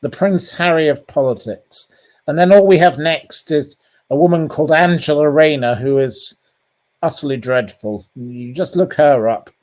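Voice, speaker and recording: A man's voice: on the high side, moderate pace, a little mellow. A man with a British English accent, a journalist giving blunt, scathing opinions in an interview, with many ums and restarts. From England. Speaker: journalist guest. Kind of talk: interview over a call.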